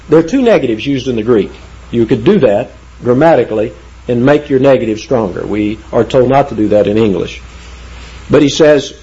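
A man preaching through a Bible passage verse by verse, his voice warm and a little husky. He leans on key words and slows right down when he reads scripture aloud. The recording sounds dull and lo-fi. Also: medium pitch, animated. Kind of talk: expository Bible teaching.

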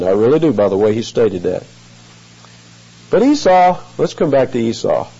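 A man's voice: mid-range voice, warm tone, breathy edge. A man preaching an expository sermon, earnest and emphatic, stretching out key phrases. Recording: muffled lo-fi recording.

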